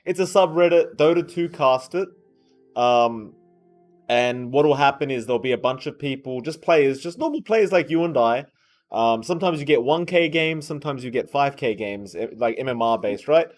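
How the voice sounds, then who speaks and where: A tired man chatting casually on a podcast, rambling with lots of restarts and a curse word now and then. His voice sits at an ordinary middle pitch, with faint music playing behind him. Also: expressive, normal speed. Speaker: esports caster and podcast co-host. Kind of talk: casual chat. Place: hotel conference room.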